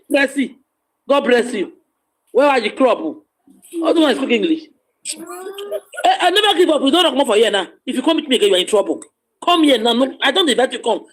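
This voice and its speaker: Very high-voiced teasing Nigerian man. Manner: teasing, laughing often, loud bursts. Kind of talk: joking casual banter.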